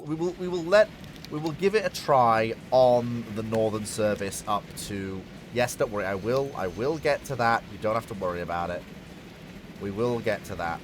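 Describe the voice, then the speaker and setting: A mid-pitched man talking his way through a strategy game on a live stream. He rambles, mutters to himself and chats to the on-screen vehicles in a self-mocking way. Faint music plays underneath. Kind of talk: casual live-stream commentary.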